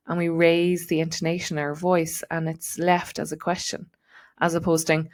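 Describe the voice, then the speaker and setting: Woman, low voice, middle-aged, podcast coach, casual reflective advice, fillers and restarts. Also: little pitch movement, brisk. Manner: reflective, many fillers and repeated words. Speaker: podcast host and transition coach.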